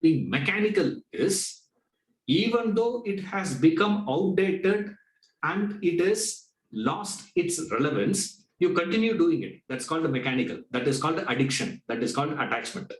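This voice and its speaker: A man's voice: on the high side, very animated, moderate pace, reverberant, low-quality recording. Man giving a spiritual lecture. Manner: conversational, rhetorical questions, acts out dialogues. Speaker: Vedanta teacher.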